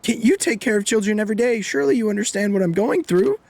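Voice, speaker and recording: A man reading aloud for a frantic young mother in a video game, high-pitched and pleading. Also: expressive, fast talker, creaky, darkish tone.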